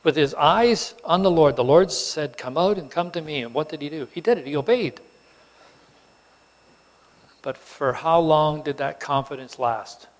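A man's voice: on the high side, unhurried, pauses often. Preaching man in a reverberant hall. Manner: animated storytelling, acts out characters with rising emphasis. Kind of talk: sermon.

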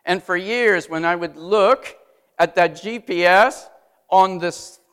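A middle-aged man with a high, clean-toned voice preaches slowly, posing rhetorical questions to the congregation. He swings between loud emphasis and hushed asides.

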